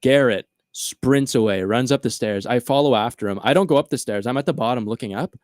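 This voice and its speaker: Animated man telling a story. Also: medium pitch, brisk, no echo, clean studio sound. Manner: animated storyteller acting out friends' lines. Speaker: podcast co-host. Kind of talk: casual storytelling chat.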